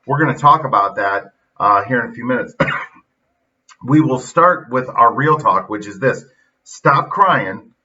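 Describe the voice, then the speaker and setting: Middle-aged guy doing a blunt pep-talk podcast, bright voice, kinda far off the mic. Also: mid-range voice. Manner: blunt, folksy, retells stories with quoted dialogue. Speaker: podcast host and youth football coach. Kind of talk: casual motivational monologue. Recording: dull lo-fi sound, slightly off-mic.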